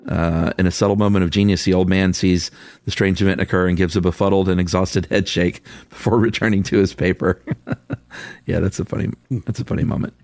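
Deep-voiced man reading listener comments. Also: level tone, fairly quick, a little mellow, no echo. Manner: laid-back, chuckling, frank opinions. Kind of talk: casual chat.

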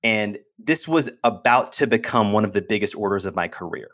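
Earnest low-voiced man telling a story. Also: a little fast. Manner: earnest, animated storyteller who restarts phrases. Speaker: podcast guest, business speaker. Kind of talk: conversational storytelling in an interview.

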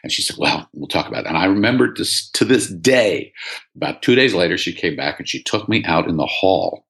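An older man with a low, deep voice answers questions as a guest author. He tells stories easily and with wry humor, and he sounds unhurried. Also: vocal fry. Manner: relaxed storyteller, wry humor. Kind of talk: conversational interview answers.

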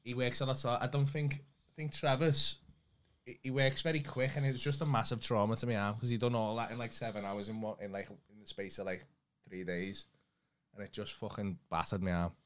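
A man's voice: lowish voice, fairly even intonation, a little fast, slight background noise. A young English man co-hosting a podcast, talking in a laid-back, teasing, mumbly casual chat. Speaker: podcast co-host.

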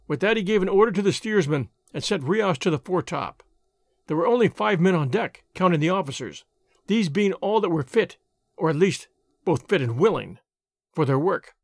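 A man hosting and narrating an audiobook with a steady, expressive reading. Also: high voice, creaky, dry recording, clean studio sound.

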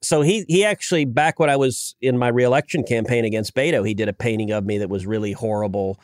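A middle-aged man and senator, chatting casually in an interview, telling stories with lively restarts. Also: medium pitch, fast, no room sound, studio quality. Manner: storytelling, animated, frequent restarts. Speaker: senator, guest.

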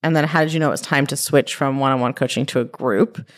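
A woman's voice: extremely low pitch, fairly even intonation, fast. A woman hosting her own podcast as a coach, talking casually and bluntly, often saying "like" and "right?" and swearing now and then. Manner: conversational, frequent "like" and "right?", mild swearing. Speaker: podcast host and life coach. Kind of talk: casual solo podcast talk.

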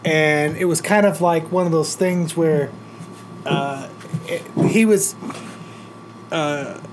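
A man's voice: on the high side, takes it slowly, slight background noise. A man telling road-rage stories in a casual chat, rambling and swearing a lot.

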